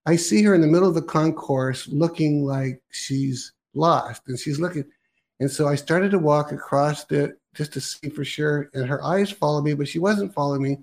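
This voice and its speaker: A man's voice: fairly high pitch, normal speed. A male host on a ministry talk show, telling a rambling story and quoting himself and others.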